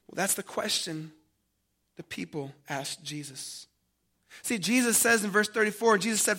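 A man preaching a sermon, dramatic, swinging from loud emphasis to hushed tones and calling his listeners family. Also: sits high, expressive, moderate pace.

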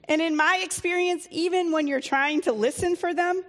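A woman's voice: very high-pitched, steady tone, moderate pace, a bit bright, long reverb tail. A woman pastor giving a sermon in a conversational, plain-spoken way, with the odd filler.

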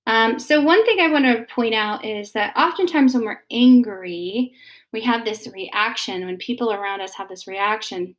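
A woman, in her thirties, talking casually and gently about parenting, with many pauses and fillers. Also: fairly high pitch. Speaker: mother giving parenting advice. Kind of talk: casual advice talk.

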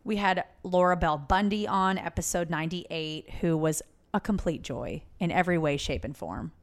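A slightly low-pitched woman co-hosts a podcast with easy, candid chatter. She giggles often and talks with loose, offhand energy. Her voice has a relaxed, conversational ease. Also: moderate pace. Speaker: podcast co-host. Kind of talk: casual chat.

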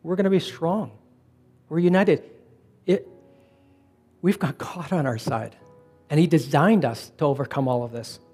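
Middle-aged pastor, a man with a fairly high voice; easygoing sermon with slow emphatic beats. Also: slightly rough, faint music behind. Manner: relaxed storytelling, slowing for emphasis. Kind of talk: conversational sermon.

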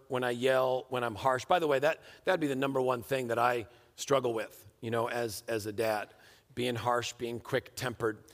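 A middle-aged man preaching a sermon as pastor, an animated storyteller who acts out scenes with his family. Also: mid-range voice. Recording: long reverb of a large hall.

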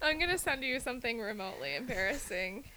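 A woman from the United States co-hosting a podcast, her high voice swooping all over as she jokes around. A crowd can be heard clearly behind her. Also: fast talker. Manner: lively, joking, swears casually. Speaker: podcast co-host. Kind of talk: casual chat.

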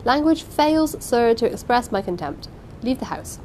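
A woman's voice: mid-range voice, animated, normal speed, slight background noise, natural voice, rough recording. A woman putting on a pompous blustering steward. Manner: blustering, contemptuous, emphatic. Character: pompous angry middle-aged male steward. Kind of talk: audiobook reading.

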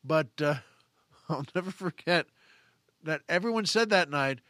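A man hosts his own show and tells a long, rambling story, often chuckling and restarting his sentences. His voice sits a little high. The sound is dry and close, with no room echo. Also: animated, a little slow, pushed and bright. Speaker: podcast host. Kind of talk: casual storytelling monologue.

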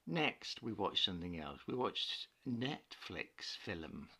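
A man with a bright, forward voice sits a touch low in pitch, co-hosting a casual podcast chat. He talks sarcastically and playfully, slipping into mock dialogue to poke fun. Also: big pitch swings, slow pace, slightly rough. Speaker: podcast co-host.

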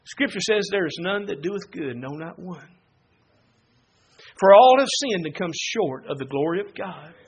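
A man preaching a sermon, moving from quiet Bible teaching to loud, fervent exhortation. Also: high voice, expressive, unhurried, husky.

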